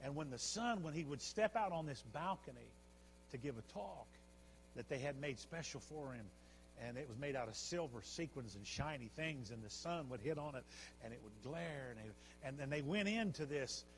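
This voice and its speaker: A man pastor preaching a sermon, telling the story with animated repetitions. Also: fairly high pitch, moderate pace, a little hiss or hum. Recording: long church hall reverb.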